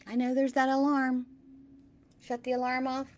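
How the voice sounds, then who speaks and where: A middle-aged woman hosting a spiritual talk, speaking gently and sometimes dropping into a soft whisper. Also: high-pitched, monotone. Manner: slow, gentle, drops into soft whispers at times.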